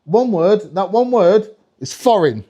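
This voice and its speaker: A man from the UK performing a live stand-up comedy set, animated and swearing, with a stage mic in a comedy club. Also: high voice, measured pace, dull audio. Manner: animated, swearing, slips into mock French voices.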